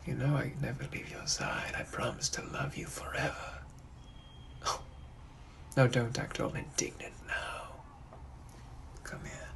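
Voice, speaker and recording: A man voicing a suave, menacing 1800s British gentleman with a British accent, in whispered role-play, purring and teasing. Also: medium pitch, steady tone, a little slow, gravelly, long pauses. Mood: creepy tender.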